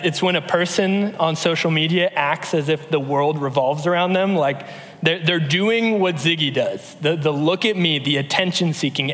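A man in his thirties giving a conversational sermon, telling stories in a relaxed way with frequent fillers and restarts. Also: a little high. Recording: long hall reverb.

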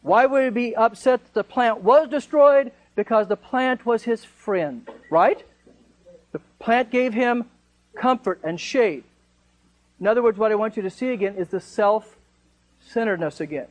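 Guy with a fairly high voice leading a bible study, chatty, lots of rhetorical questions. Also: animated, measured pace, rough recording. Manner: conversational, asks rhetorical questions.

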